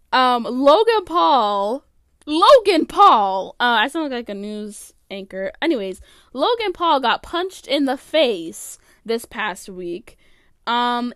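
Young woman vlogger ranting casually, high voice, lots of likes, super dry close sound. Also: fairly bright tone, clear, resonant tone, dry recording. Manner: rambling, opinionated, heavy use of "like". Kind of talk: casual commentary.

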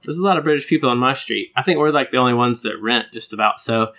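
A man's voice: mid-range voice, quick pace. Laid-back man, filler-heavy chat. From United States. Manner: relaxed, laughs often, lots of "like" fillers. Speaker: podcast co-host. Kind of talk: casual chat.

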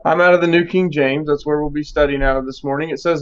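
A man's voice: a little high, quick pace, few pauses. Muffled man leading a Bible study. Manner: relaxed and conversational, with fillers, reading scripture aloud.

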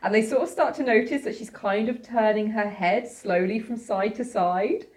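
A woman's voice: mid-range voice, moderate pace, a little mellow. A woman casually retelling a novel's plot to listeners, rambling with fillers and frequent laughs. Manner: rambling, giggly storytelling with lots of fillers. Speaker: podcast host. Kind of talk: casual book discussion.

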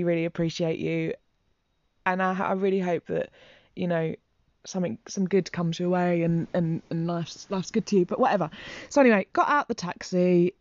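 A woman's voice: lowish voice, a little mellow, dry recording, highs cut off. A woman telling a personal story to her vlog audience in a rambling, heartfelt and emotional way. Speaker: vlogger. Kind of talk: casual storytelling to camera.

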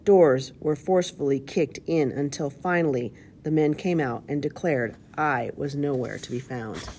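A woman reading a children's storybook aloud, steady with occasional slips, calling out page numbers. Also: deep voice, moderate pace, slight background noise. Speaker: reader.

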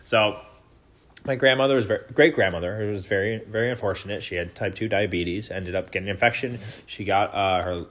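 A young man co-hosting a casual podcast chat, joking in a wry, deadpan way. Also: on the low side, fairly quick. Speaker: podcast co-host.

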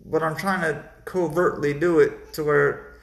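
A man telling a personal story casually, animated and halting, with many restarts. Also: fairly high pitch, gravelly, reverberant.

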